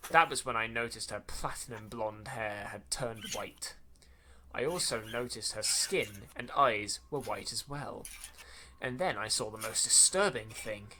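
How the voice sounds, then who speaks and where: Man, podcast host, reading a story aloud, bright tone, stumbles and rereads lines, sarcastic asides. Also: lowish voice, a little slow, a little hiss or hum. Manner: stumbling over lines and rereading them mockingly.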